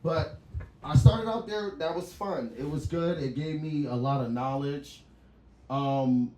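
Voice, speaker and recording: A man doing a stand-up set in a small club, telling stories with loud laughter and a lot of swearing. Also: on the high side, measured pace. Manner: loud, laughing, profane storytelling. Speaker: stand-up comic. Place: small comedy venue. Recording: echoey small venue with laughing crowd.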